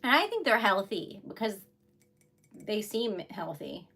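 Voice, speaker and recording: On her wax seal crafting livestream, a young woman speaks in a husky, sharp-toned, sing-song mid-range voice with vocal fry, keeping a measured pace. Bubbly and chatty, she giggles a lot and describes herself as a really emotional lady.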